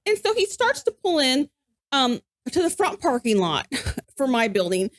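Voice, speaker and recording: Woman, high lively voice, podcast storyteller, animated. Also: moderate pace, no room sound, clean studio sound. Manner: animated, acts out quoted voices. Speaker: podcast co-host. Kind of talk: casual storytelling chat.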